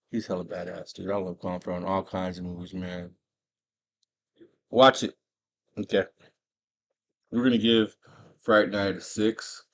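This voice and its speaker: A man's voice: sits low, level tone, moderate pace, creaky, long pauses, fairly bright tone. A man hosting a movie chat from home, retelling a plot in a laid-back, slangy way. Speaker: movie review vlogger. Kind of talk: casual chat.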